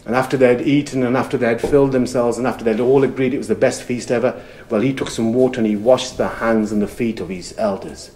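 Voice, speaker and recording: A male storyteller recounts a folk tale with a rhythmic, repeating cadence. His voice sits at a middling pitch and sinks into hushed murmurs at tender moments. He tells it live, straight to camera. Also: fairly even intonation, fast, a little hiss or hum. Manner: rhythmic, repeating phrases, dropping to soft murmurs.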